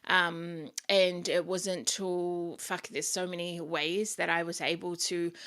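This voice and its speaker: A young woman hosts her own podcast in a casual solo monologue, speaking candidly and from the heart with lots of swearing. Her voice sits on the low side but is a bit bright, and she talks slowly in a level tone.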